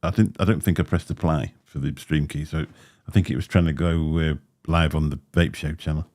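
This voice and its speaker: A man's voice: extremely low pitch, fairly even intonation, fairly quick, a little mellow. A man hosting a livestream, chatting in a rambling way with a slight lisp and frequent laughs. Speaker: livestream host. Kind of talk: casual chat. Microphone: desk microphone.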